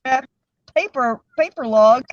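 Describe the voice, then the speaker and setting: A woman's voice: high voice, a little slow, dry recording. Chatty woman on a lo-fi stream. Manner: chatty, laughs often. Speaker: co-host of a livestream. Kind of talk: casual group chat. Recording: dull lo-fi stream audio with faint hiss.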